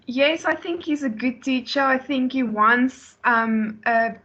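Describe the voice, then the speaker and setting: A woman's voice: high-pitched, takes it slowly, fairly bright tone. A young South African woman student answering the teacher's question a little hesitantly. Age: young adult. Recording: dull lo-fi sound.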